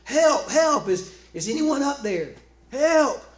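A man voicing a panicked man stuck on a cliff, shouting and stammering as he pleads for rescue. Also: a little high, rapid-fire, lightly acted. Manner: frantic, stammering pleas. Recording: echoey room with faint background noise.

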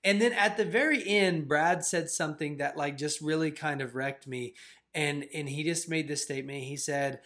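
A man co-hosting a faith channel, telling a story in a casual, animated way with lots of "like" fillers. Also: on the high side, normal speed. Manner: animated, filler-heavy retelling with "like".

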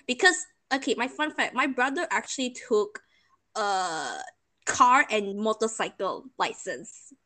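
A young woman tells a story in casual chat, her bright with laughter and sarcastic asides. Her voice sits fairly high and leaps widely in pitch as she talks.

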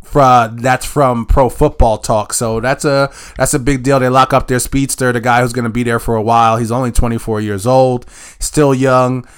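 A man's voice: mid-range voice, flat delivery, clean tone. Easygoing man co-hosting a sports podcast. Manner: easygoing, chatty, quick to laugh. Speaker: podcast co-host. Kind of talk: casual sports podcast chat.

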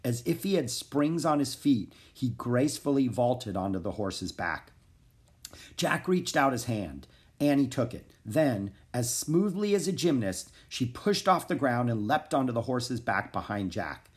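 Guy reading a kids chapter book aloud, calm and steady, mid-pitched. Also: measured pace. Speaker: narrator. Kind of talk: storybook narration.

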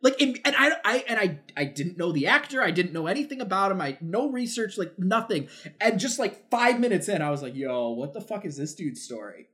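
A man co-hosting a film podcast, chatting casually in an excitable way, swearing freely and stammering. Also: high-pitched, brisk. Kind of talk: casual film review chat.

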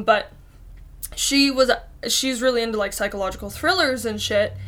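A woman's voice: medium pitch, a bit bright. A young woman in casual podcast chat, rambling with lots of fillers and casual swearing. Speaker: podcast guest.

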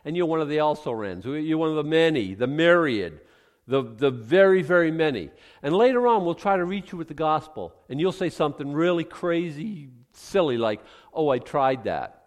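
A man preaching a sermon as pastor, animated, swinging from hushed asides to loud exclamations. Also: on the high side, normal speed, long reverb tail.

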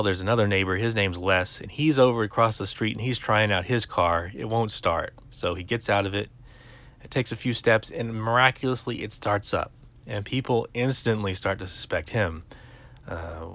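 A man's voice: lowish voice, a bit bright. A man hosting a podcast, casually recapping an episode with rambling, wry asides and plenty of fillers. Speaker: podcast host.

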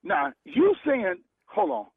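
A man's voice: very high voice, huge pitch swings, takes it slowly, vocal fry, dry recording. A man on a phone call, blunt and exasperated, swearing and repeating himself. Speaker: prank call target. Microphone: telephone. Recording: tinny dry phone line.

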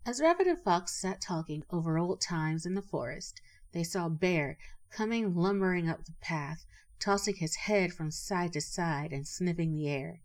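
Storybook narrator, woman, a bit low, gentle even read. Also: normal speed.

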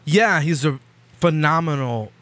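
A man's voice: fairly high pitch, unhurried. A man on a podcast, chatting casually and telling stories in laid-back slang with lots of fillers. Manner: relaxed storytelling with many fillers. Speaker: podcast co-host, musician. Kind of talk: casual chat.

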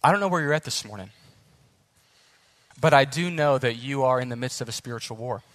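A young man preaching a sermon as pastor, earnest and animated, speeding up as the story builds. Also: medium pitch, brisk, dry recording.

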